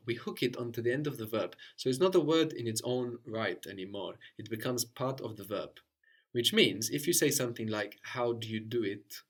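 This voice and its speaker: Male tutor, average pitch, patient and prompting, ends points with "no?". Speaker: language teacher. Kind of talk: guided language lesson.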